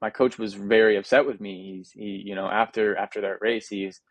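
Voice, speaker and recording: Young American male guest, low-ish voice, earnest and reflective, dry close sound. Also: level tone, fairly quick, no room sound. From United States. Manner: reflective, earnest, frequent restarts and "you know" fillers. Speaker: interview guest, Paralympic athlete. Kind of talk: casual interview.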